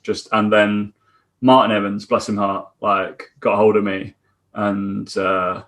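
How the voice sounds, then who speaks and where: A man with a fairly low voice, co-hosting a relaxed podcast. He tells chatty anecdotes, slipping into the quoted lines of other people as he goes. His delivery is conversational and informal. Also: measured pace. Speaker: podcast co-host, fitness coach. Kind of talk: casual podcast chat.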